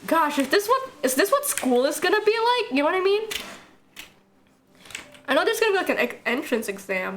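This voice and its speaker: A young woman talks in a casual, rambling way on a live stream, answering chat as she draws and laughing often. Her voice sits a little high. A faint hiss runs underneath. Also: a bit bright. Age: young adult.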